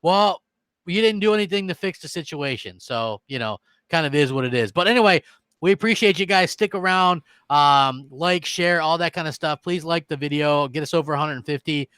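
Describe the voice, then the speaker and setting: A man's voice: fairly high pitch, moderate pace, bright, forceful tone, clear, resonant tone, dry recording. A man co-hosting a casual gaming podcast, opinionated and emphatic, often repeating himself. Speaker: podcast co-host.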